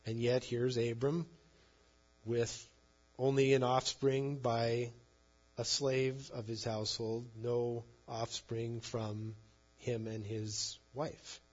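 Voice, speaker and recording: Husky-voiced man teaching a sermon. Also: medium pitch, level tone, slow, darkish tone, muffled recording. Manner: conversational, paraphrases scripture in everyday speech. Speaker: preacher.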